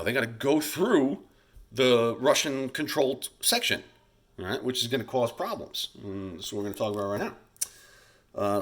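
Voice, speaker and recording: Chatty low-voiced man teaching history. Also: fairly bright tone. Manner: casual, chatty, talks to students as guys, acts out leaders in quick voices. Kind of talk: recorded history lecture over slides. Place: home, recording alone during school shutdown.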